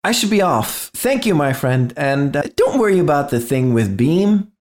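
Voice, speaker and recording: A man's voice: on the high side, very animated, normal speed, darkish tone, pitched above the performer's own voice. A man voicing a sly robed stranger who is falsely friendly and makes veiled threats.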